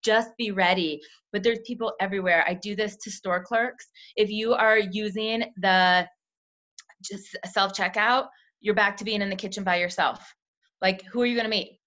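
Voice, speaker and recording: A young woman, a team leader, coaching sales recruits in a chatty way, acting out quick bits of dialogue. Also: mid-range voice, steady tone, bright, forceful tone. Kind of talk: coaching call talk. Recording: dull lo-fi call audio.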